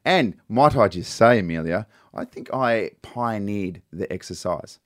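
A man's voice: on the low side, animated, unhurried, no room sound, studio quality. A man in his thirties with an Australian accent, co-hosting breakfast radio in a cheeky, playfully stubborn way. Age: 30s. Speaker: radio co-host. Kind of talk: casual breakfast radio banter. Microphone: studio microphone.

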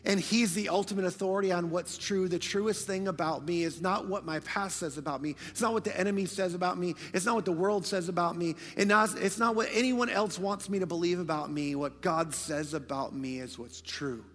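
High-voiced pastor preaching in a hall. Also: male voice, fairly quick, hardly any pauses. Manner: builds from hushed and low to loud, emphatic preaching. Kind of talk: sermon.

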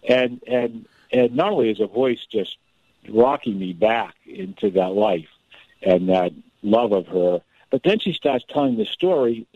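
A man's voice: medium pitch, creaky, no room sound. A man telling a family story in a casual radio interview, talking in bursts with many restarts. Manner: animated, restarts often, storyteller. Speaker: author and guest. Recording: dull, slightly lo-fi radio sound.

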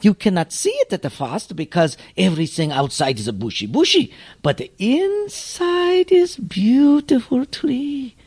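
A man putting on a slow, high old bonsai master. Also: very animated, a little mellow, slightly rough, full character voice. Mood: serene. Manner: slow, clipped broken phrasing. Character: calm older male bonsai master, patient teacher.

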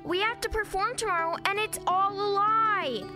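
A woman's voice: extremely high pitch, fairly even intonation, normal speed, music in the background. A woman playing a worried young schoolgirl. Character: anxious young schoolgirl in a small town. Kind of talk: audio drama acting.

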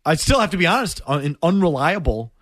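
Sports radio guy, high voice, talks fast and jumps all over the place, dry studio sound. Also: no echo. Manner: excitable, quick, laughs often. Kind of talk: call-in sports radio chat.

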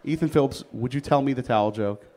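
A man's voice: medium pitch, fast talker, crowd noise. A man hosting a live podcast taping, talking in a rambling, playfully teasing way. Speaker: host.

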